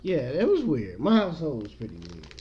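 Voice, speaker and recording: A man's voice: mid-range voice, huge pitch swings, a little fast, lo-fi sound, a little hiss or hum. A young man hosting a casual podcast, joking and swearing freely. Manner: profane, joking, loud bursts of laughter. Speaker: podcast host. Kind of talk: crude casual podcast chat.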